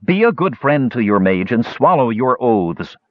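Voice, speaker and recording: A man's voice: medium pitch, very animated, moderate pace, dry recording, voice pushed up, natural voice. A man voicing a stern, guarded male half-elf swordsman who speaks firmly and sometimes growls. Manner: firm, growling. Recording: slightly dull lo-fi audiobook recording.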